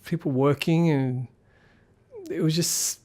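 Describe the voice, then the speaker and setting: A man's voice: a little high, fairly even intonation, slow, a little mellow. A man giving a casual spoken film review, rambling and critical as he thinks aloud.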